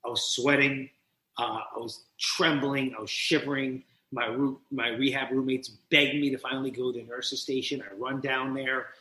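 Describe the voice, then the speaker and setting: Male podcast guest with a forceful, bright voice, swearing and acting out voices as he tells his story, in a roomy space. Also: mid-range voice, normal speed. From New Jersey. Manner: animated, profane, acts out quoted voices. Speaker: podcast guest, recovery mentor. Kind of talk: personal storytelling in an interview. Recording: roomy echo.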